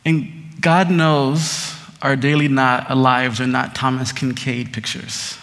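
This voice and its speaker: A man preaching a sermon, moving between hushed scripture reading and excited, laughing storytelling. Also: medium pitch, takes it slowly, gravelly, big-room sound. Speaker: pastor.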